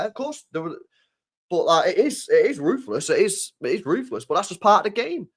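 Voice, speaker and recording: A young man talks through football transfer news in a loose, animated rant. His voice sits a little high for a man. He swears freely and stumbles over repeated words as he reacts. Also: a little fast. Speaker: football fan channel host.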